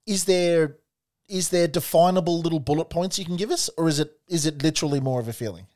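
Aussie bloke talking footy, slightly high voice, fumbles for words, jumps in with questions. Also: male voice, fast talker, a little mellow. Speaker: football podcast co-host. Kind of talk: casual chat.

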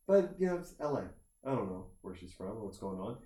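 A man telling a long, animated anecdote in casual chat, acting out the people in it and swearing freely. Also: on the low side, brisk. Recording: roomy echo.

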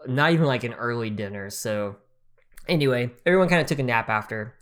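Brisk and expressive, this man's medium-pitched, smooth voice carries his rambling podcast stories. He's in his thirties, co-hosting, chatting casually with plenty of fillers and frequent laughs.

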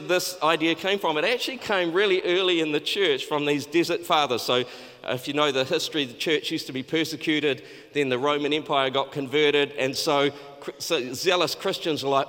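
A man's voice: on the high side, normal speed, pushed and bright. A man preaching a sermon in a loose, conversational way, with frequent restarts and acted-out quotes. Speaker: pastor. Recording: long hall reverb.

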